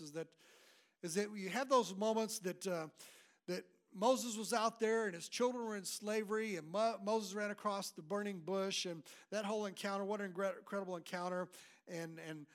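High-voiced man preaching emphatically. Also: a bit bright. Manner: emphatic preaching with frequent restarts. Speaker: pastor. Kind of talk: sermon.

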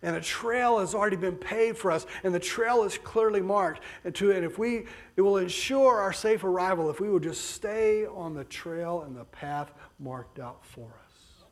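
A man preaching a sermon emphatically, dropping to soft low passages and then rising to raised bursts. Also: moderate pace.

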